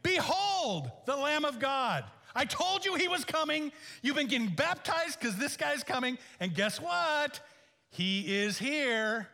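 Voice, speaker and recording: A man voicing an excited male prophet who exclaims loudly, in an echoey hall. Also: a little slow, exaggerated voice. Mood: exclaiming. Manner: high, loud, exclaiming.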